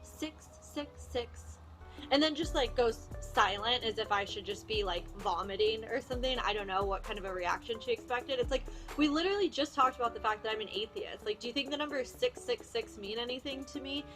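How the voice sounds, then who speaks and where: A woman's voice: fairly high pitch, fairly quick, hardly any pauses, fairly bright tone. A young woman vlogger telling a storytime in a chatty, sarcastic way, full of "like", with faint music behind. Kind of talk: casual storytime.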